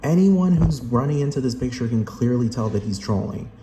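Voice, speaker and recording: A man's voice: mid-range voice, animated, brisk, warm tone. A man ranting in an emphatic, rambling, repetitive way full of profanity. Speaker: vlogger. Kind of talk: profane rant. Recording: roomy echo, faint hum.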